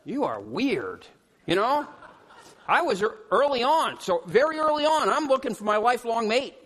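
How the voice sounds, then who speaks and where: High-voiced man preaching, hollering. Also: normal speed. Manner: animated, jokes with the congregation, hollers. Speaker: pastor. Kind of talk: sermon. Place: church sanctuary. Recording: long hall reverb.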